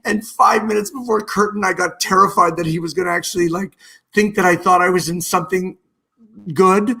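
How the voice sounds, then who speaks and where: A man's voice: high-pitched, fairly quick. A middle-aged man, a stage actor, telling stories with many restarts over a video call. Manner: lively, animated, rambling with many restarts. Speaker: guest, musical theatre actor. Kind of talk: anecdotal storytelling in a video-call interview.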